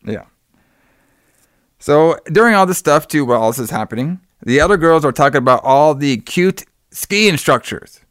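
A man's voice: on the high side, lively intonation, moderate pace, fairly bright tone, dry recording, clean studio sound. A man chatting casually as a podcast co-host, recapping a movie in a rambling, profane way and acting out the characters' lines. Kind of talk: casual chat.

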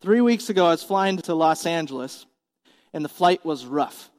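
A man's voice: on the high side, lively intonation, normal speed, darkish tone, big-room sound. A man in his forties preaching a sermon as pastor, earnest and emphatic, asking the congregation questions. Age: 40s.

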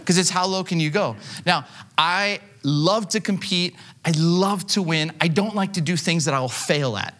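A man's voice: sits high, normal speed, fairly bright tone. A man, preaching a sermon in a loose, conversational way and telling stories on himself with plenty of fillers. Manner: conversational, self-deprecating storytelling with frequent fillers. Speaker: pastor.

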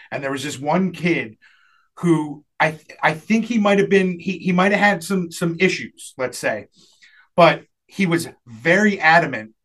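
A man's voice: a little high, a bit bright. A man telling a rambling funny story in casual chat, laughing often and acting out the people he quotes.

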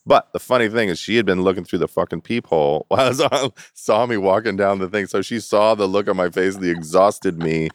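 A middle-aged man with an extremely deep voice tells a story in a relaxed interview, laughing easily and jumping into the voices of the people he quotes. The sound is dry and close, with no room around it. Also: brisk, few pauses, no room sound. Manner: animated storyteller who acts out quotes and laughs often. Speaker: interview guest.

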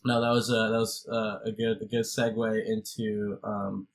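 A man's voice: lowish voice, little pitch movement, normal speed, creaky. A man co-hosting a casual movie podcast, laughing often and swearing freely. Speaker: podcast co-host.

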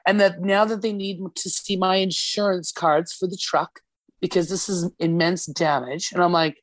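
A woman's voice: fairly low pitch, fairly even intonation, moderate pace, dry recording. A woman guest on a casual podcast, telling a story with lots of swearing and acted-out quotes. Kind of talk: casual chat. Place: podcast studio.

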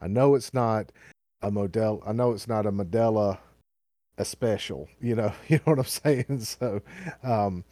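A man's voice: on the low side, normal speed, mellow, no room sound, studio quality. A man with a Southern US accent co-hosting a casual podcast, rambling with lots of fillers and restarts. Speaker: podcast co-host.

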